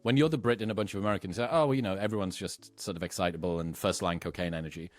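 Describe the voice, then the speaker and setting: A man's voice: sits low, racing, faint music behind. A man from the United Kingdom hosting a podcast interview, reflective and fluent with a dry sense of humor. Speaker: podcast host.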